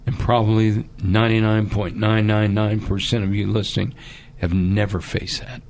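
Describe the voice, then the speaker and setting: Lowish-voiced man making an urgent appeal. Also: level tone, darkish tone, slight background noise. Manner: halting, emotional storytelling; urgent, pleading. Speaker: charity appeal guest. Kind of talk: impassioned fundraising appeal.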